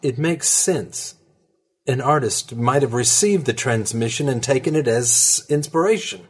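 Guy reading as a calm formal scientist dude, husky, polite and precise, little stumbles. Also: mid-range voice, measured pace, voice pushed up. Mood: measured. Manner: polite, precise, slightly hesitant.

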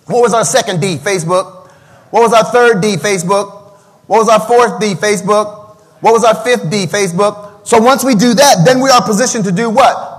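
A man's voice: sits high, normal speed. A man preaching a sermon as pastor, calling out to his online viewers and sometimes singing hymn lines. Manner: preaching with call-and-response, breaks into singing a hymn. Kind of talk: livestreamed sermon. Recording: long hall reverb.

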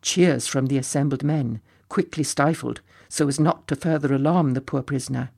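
A man reading a story aloud as narrator in a measured, expressive way. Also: mid-range voice, gravelly.

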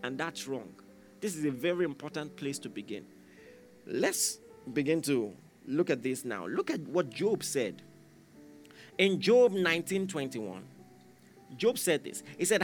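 A man's voice: high voice, animated, normal speed, a bit bright. A man preaching a sermon, emphatic and repeating key phrases, raising his voice when he acts out quoted lines. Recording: faint instrumental music behind.

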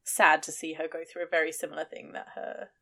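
A woman's voice: sits low, fast talker, vocal fry. Easygoing woman cohost, lots of "i mean" and giggles, casual book chat. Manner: relaxed, hedging with "I mean" and "like", giggly. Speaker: book podcast co-host.

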